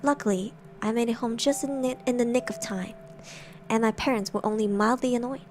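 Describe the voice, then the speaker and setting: A young woman streamer narrating horror stories in a soft, hushed semi-ASMR style, with giggly asides. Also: on the high side, steady tone, a little fast, a little hiss or hum.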